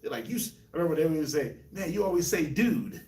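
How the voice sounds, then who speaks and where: A man from New York, Colorado and Jamaica, hosting a casual group discussion, telling animated stories with laughs. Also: on the high side, fast. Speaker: host. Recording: echoey room, mic at a distance.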